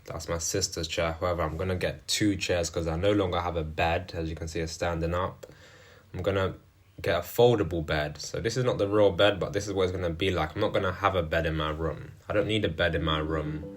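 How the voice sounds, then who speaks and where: A man's voice: sits low, fairly even intonation, brisk. A man in his twenties talking through a personal video diary in an earnest, self-motivating way, repeating his phrases. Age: 20s. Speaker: vlogger. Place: various, including outdoors at a grave.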